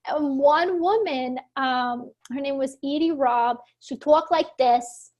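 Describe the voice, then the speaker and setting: High-voiced chatty actress from Philadelphia. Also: female voice, a little mellow. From Philadelphia, USA. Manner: chatty, fast, many "like" fillers, laughs often. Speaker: actor and producer guest. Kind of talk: casual interview chat.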